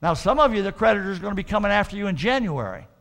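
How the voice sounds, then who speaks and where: A man pastor delivering an earnest sermon, often restarting with repeated words and swelling into loud emphatic warnings. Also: high-pitched, sing-song, racing, gravelly.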